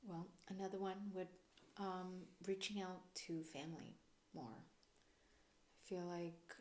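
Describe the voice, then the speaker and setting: A woman co-hosting a podcast in casual chat, telling family stories with warmth and giggles. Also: fairly low pitch, fairly even intonation, takes it slowly, a little hiss or hum. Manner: warm, giggly storytelling. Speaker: podcast co-host. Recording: echoey room.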